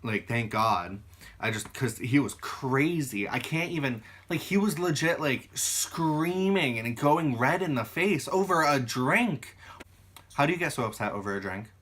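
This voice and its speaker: A young man telling work stories casually on his channel, animated and swearing freely as he acts out arguments. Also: medium pitch, measured pace. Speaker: YouTuber. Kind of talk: casual storytelling.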